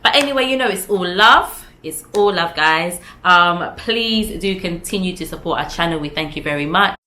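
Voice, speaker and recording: A woman's voice: lowish voice, animated, normal speed, sharp tone. A young British woman with a British accent talking casually to camera, emphatic and repeating her points with tag questions. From United Kingdom. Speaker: vlogger.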